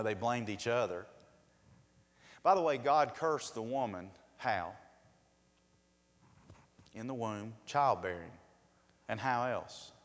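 A male pastor delivering a sermon, asking rhetorical questions and acting out quotes in a raised voice. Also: medium pitch. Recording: long hall reverb.

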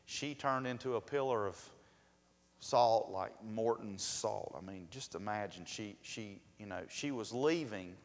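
Pastor preaching in a reverberant hall. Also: male voice, fairly low pitch, a little slow. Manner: lively, questioning the congregation, swings from loud to soft. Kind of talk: sermon.

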